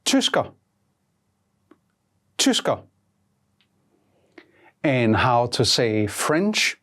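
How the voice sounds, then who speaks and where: Very animated and a bit bright, a medium-pitched teacher delivers a scripted language lesson. The prompting stays measured, and answers are each repeated twice.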